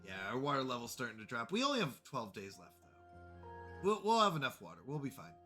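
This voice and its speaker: A man's voice: mid-range voice, huge pitch swings, fast talker, bright, forceful tone. A man chatting casually with his viewers while playing a game on a live stream, rambling and friendly. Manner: chatty, rambling, talks to chat. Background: faint background music.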